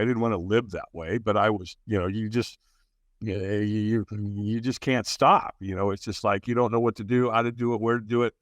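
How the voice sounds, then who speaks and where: A candid man in his sixties, appearing as a podcast guest, tells his personal story in an interview. He speaks frankly and earnestly, full of fillers and restarts, and acts out the quotes he relays. His fairly low voice is captured in clean studio sound with no room ambience.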